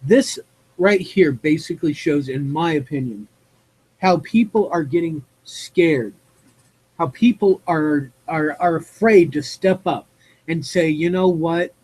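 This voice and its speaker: A man's voice: fairly high pitch, unhurried, a little mellow, husky, low-quality recording. A man hosting a live Q&A who reads a news story aloud and adds his own rambling opinions, stumbling and correcting himself. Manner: rambling, with fillers and self-corrections. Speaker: streamer hosting a Q&A.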